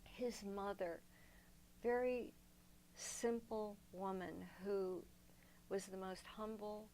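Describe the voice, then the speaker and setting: A woman's voice: mid-range voice, fairly even intonation, slow, warm tone, slight background noise, poor audio. An older woman, a guest in an interview, telling long personal stories in a reflective way, often restarting her sentences. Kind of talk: storytelling in a sit-down interview.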